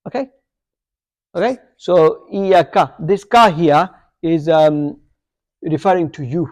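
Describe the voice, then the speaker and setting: Guy with a high voice teaching a class, keeps asking the students questions, says okay? yeah? a lot. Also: slow, a little mellow. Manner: quizzes students, checks with frequent "okay?" and "yeah?"; corrects his own slips aloud. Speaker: Arabic teacher. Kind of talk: live classroom grammar lesson.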